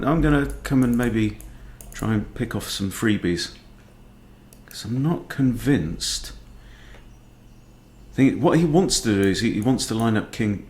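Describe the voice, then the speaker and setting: A man, a chess coach thinking aloud in a relaxed, understated way as he plays a fast game. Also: on the low side. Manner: muttering, understated, self-talking. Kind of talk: thinking aloud while playing blitz chess.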